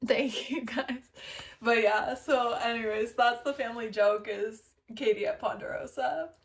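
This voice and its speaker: The host of this casual livestream is a young Canadian woman whose voice is a little high and steady, and she takes her time. Telling a story, she giggles plenty and thanks viewers between lines.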